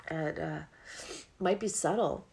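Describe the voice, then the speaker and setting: A woman's voice: fairly low pitch, takes it slowly, darkish tone. A middle-aged woman hosting a podcast, talking in a reflective, rambling way with sighs and yawns. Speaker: podcast host. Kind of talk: casual spiritual podcast monologue.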